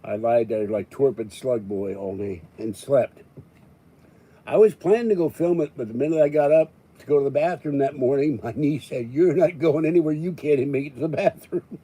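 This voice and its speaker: Man, very dark mellow tone, joking live stream host, rambling chat. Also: a little high, lively intonation, normal speed, breathy edge. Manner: joking, rambling, chuckling often.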